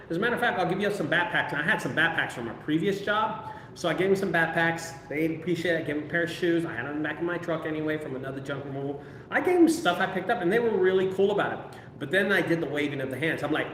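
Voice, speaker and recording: A man telling a casual, profane, animated story about his junk removal business. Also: fairly high pitch, a little hiss or hum. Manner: animated, profane, acts out quoted voices. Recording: echoey room, far from mic.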